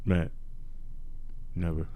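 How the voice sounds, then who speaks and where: A man co-hosting a podcast, teasing his friend with slangy, deadpan jokes. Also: drawn-out words. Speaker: podcast co-host. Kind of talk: casual chat.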